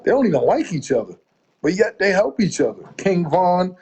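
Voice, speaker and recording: A husky, slightly high-voiced middle-aged man from the Boston area talks over a video call. He rambles through his stories and acts out quoted lines with sudden jumps in his voice. It is loose, casual interview chat. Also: moderate pace. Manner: rambling, animated storytelling with quoted asides. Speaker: music promoter, interview guest.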